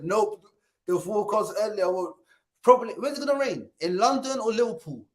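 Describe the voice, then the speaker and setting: A man's voice: high-pitched, animated, a little fast. Playful, joking male co-host. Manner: playful, laughs often, repeats phrases; hypes viewers and asks them to like and subscribe. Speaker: co-host of a fan channel stream. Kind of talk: casual live-stream chat.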